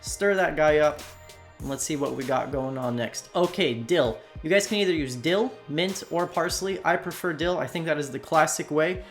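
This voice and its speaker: Over soft background music, a fairly high-pitched male voice narrates at a moderate pace. He's a Slovak cooking channel host whose voiceover was recorded separately from the footage, and he speaks casually and chattily, calling viewers "you guys."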